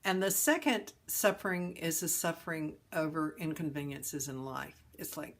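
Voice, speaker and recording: A woman hosting a talk on suffering, telling a parable in a gentle, folksy way. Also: low-pitched, normal speed, gravelly, hardly any pauses. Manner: gentle, folksy storyteller with chuckles. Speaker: host and teacher of a philosophy of ease.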